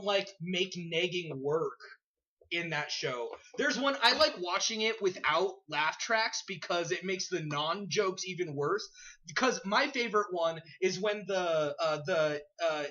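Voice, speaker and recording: A man's voice: sits high, lively intonation, unhurried, bright, forceful tone, far from the mic. A man co-hosting a casual podcast chat, laughing and mocking sitcoms as he talks. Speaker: podcast co-host. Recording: dull lo-fi audio.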